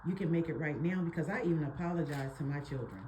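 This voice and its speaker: A woman's voice: deep voice, fast talker, background noise. A woman from the audience sharing a reflective, open personal comment about parenting. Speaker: audience member.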